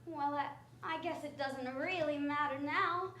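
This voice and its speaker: A woman's voice: sits high, unhurried, pushed and bright. A woman playing an earnest, wide-eyed young girl heroine in a live radio play. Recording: echoey theater stage.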